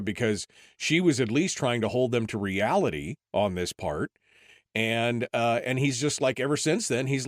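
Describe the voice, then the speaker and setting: A male talk-show host with a mid-range voice talks with his guest in a conversational, frustrated way. His sound is close and dry, with no room echo around it. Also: mid-range voice. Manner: frustrated, conversational, leans on "I mean".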